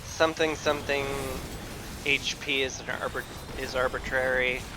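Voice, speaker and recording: A man's voice: mid-range voice, steady tone, normal speed, background noise. A man streaming a game, rambling and joking casually through his gameplay commentary. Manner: joking, rambling, self-mocking. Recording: game music behind.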